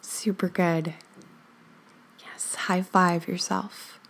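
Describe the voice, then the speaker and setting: Slow, soothing woman guiding breathing. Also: lowish voice, little pitch movement, creaky, a little hiss or hum. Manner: slow, soothing counting with soft whispered stretches; gentle encouraging asides with light laughs. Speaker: breathing instructor. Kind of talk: guided breathing exercise.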